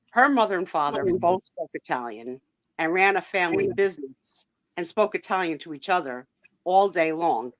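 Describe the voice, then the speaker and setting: A woman's voice: low-pitched, dry recording. A woman hosting a live sale and chat, telling stories in a chatty way and laughing often. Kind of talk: casual chat. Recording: dull, dry lo-fi sound.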